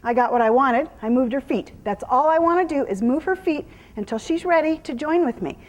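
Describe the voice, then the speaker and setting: A woman's voice: sits high, expressive, a little fast, long reverb tail. A woman horse trainer giving a live demonstration in an arena. She explains each step to the onlookers and keeps cooing praise at the horse. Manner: explains her steps to an audience between cooing praise to a horse.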